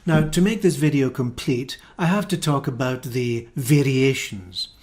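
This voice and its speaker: A man with a Scottish accent teaching English pronunciation, saying example words one at a time in a careful, deliberate way. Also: medium pitch, a little mellow. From Scotland. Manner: careful, deliberate word-by-word modelling. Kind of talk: slow, clear teaching of pronunciation.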